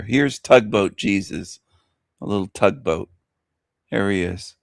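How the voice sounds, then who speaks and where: A man's voice: on the low side, slow, creaky, pauses often, no echo, studio quality. A male radio host in a crude, ranting shock-jock monologue, who often laughs at his own jokes.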